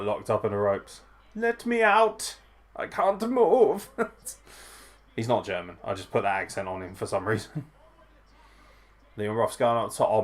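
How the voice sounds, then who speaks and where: Swearing and reacting with excitement to the wrestling action, a fairly low-voiced man hosts a live watchalong and keeps the chat casual.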